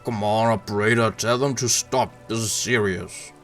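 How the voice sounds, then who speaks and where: A man's voice: lowish voice, steady tone, moderate pace, fairly bright tone, faint music behind. A man with a German accent voicing a flustered, embarrassed detective who pleads with the others.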